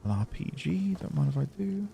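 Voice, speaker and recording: A man's voice: high voice, very animated, fairly quick, gravelly, mellow, a little hiss or hum. Rambling, laughing male game streamer. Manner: rambling, laughs often, talks to chat. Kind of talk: casual gaming livestream chat.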